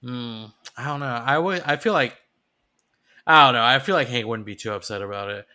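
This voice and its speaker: A man's voice: mid-range voice, fairly quick, bright, forceful tone. A man co-hosting a podcast, chatting casually and musing hesitantly with many "I don't know"s and "like"s. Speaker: podcast co-host. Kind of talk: casual chat.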